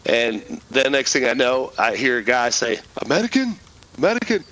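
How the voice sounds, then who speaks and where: Middle-aged male veteran guest: bright, forceful voice, profane, rambling storyteller. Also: mid-range voice, fairly even intonation, normal speed, low-quality recording. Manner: profane, rambling, with many restarts. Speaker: podcast guest, military veteran. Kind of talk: casual storytelling.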